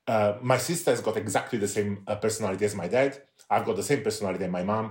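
A man with a Central Italian accent speaks as a podcast guest, relaxed and self-deprecating. His voice sits fairly low and carries a roomy echo. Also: racing. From Italy. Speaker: podcast guest, baker and author.

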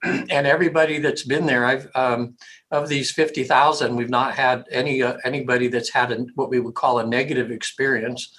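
Rambling man who keeps clearing his throat. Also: medium pitch, fairly bright tone, rough recording. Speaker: hypnotherapist. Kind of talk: casual interview talk.

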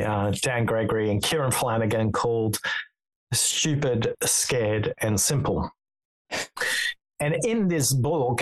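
A man's voice: mid-range voice, rough recording. A man as a podcast guest, explaining his research and telling stories with quoted dialogue. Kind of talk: conversational podcast interview.

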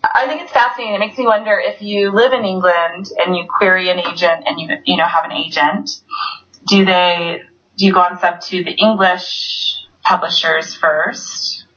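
A woman's voice: fairly low pitch, fairly even intonation, normal speed, a bit bright, dull audio. A woman author chatting effusively and rambling as a guest in an online interview. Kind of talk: casual interview chat. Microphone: video call.

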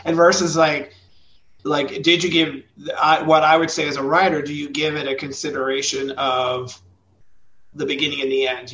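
A man co-hosting a podcast in casual chat, animated, acting out reactions and laughing. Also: mid-range voice. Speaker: podcast co-host. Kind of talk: casual chat about books and films. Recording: roomy, distant mic with dull sound and faint noise.

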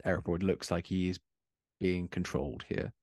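A man's voice: deep voice, monotone, normal speed, a little mellow, no echo, clean studio sound. A man narrating a tabletop horror game as game master, often stammering and laughing.

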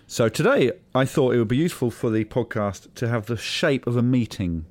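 A middle-aged man hosting a comic podcast, talking in a dry, deadpan, whimsical way. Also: mid-range voice, fairly quick. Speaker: podcast host.

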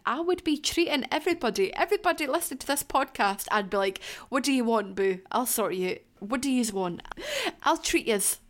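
A young adult woman, hosting a solo Q&A podcast and talking in a candid, chatty, heartfelt way with the odd swear word. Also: fairly high pitch. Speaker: podcast host. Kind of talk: casual solo Q&A podcast chat.

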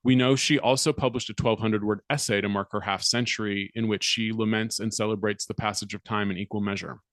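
A man's voice: lowish voice, fairly even intonation, a little fast, a bit bright, no echo. A man co-hosting a casual podcast, reading an article aloud with wry, mock-dramatic asides. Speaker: podcast co-host.

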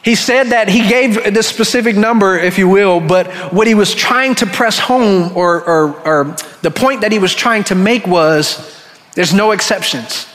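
A man's voice: high voice, unhurried, fairly bright tone. A male pastor preaching a sermon in a conversational way, acting out the story's voices as he goes. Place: church sanctuary. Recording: church hall with long reverb.

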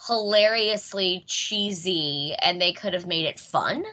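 A woman's voice: fairly low pitch, slow, pushed and bright. An American woman hosting a podcast, chatting casually about a movie and laughing often. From United States. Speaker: podcast host. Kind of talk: casual chat reviewing a movie.

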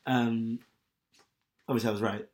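A man's voice: medium pitch, level tone, moderate pace, darkish tone. A man chatting casually as a podcast co-host, telling a long story with lots of fillers and restarts. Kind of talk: casual chat.

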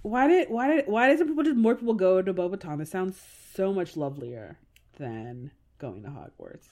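Lively, animated woman co-host. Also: fairly low pitch, moderate pace. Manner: animated, swearing, laughing. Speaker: podcast co-host. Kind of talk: casual chat.

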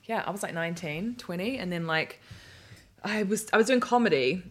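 A woman's voice: lowish voice, lively intonation, a little fast. A woman in her thirties from New Zealand with a New Zealand accent, chatting casually, self-deprecating, laughing often and restarting her sentences. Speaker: comedian and guest host. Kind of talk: casual chat.

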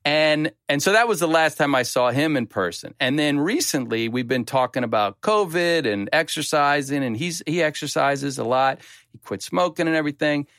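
A man's voice: fairly high pitch, animated, normal speed, a bit bright, no echo, studio quality. Man in his fifties telling rambling stories. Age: 50s. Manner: rambling, self-deprecating, with frequent restarts. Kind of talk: casual storytelling chat.

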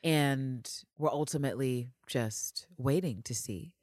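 A woman co-hosting a casual fan podcast, animated, laughing often and swearing freely. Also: a bass voice, unhurried, no room sound, clean studio sound. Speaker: podcast co-host.

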